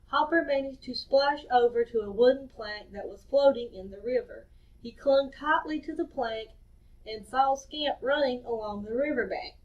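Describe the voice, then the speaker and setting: A woman reading a story aloud to children in a cheerful, expressive way. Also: a little high. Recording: distant dull lo-fi recording.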